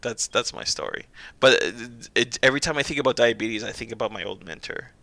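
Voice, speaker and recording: Young male streamer, loose rambly storyteller, very bright tone with gravel. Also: medium pitch, brisk, no room sound. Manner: rambling, self-interrupting storyteller who laughs often. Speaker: streamer and pharmacist. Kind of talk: casual chat while livestreaming a game.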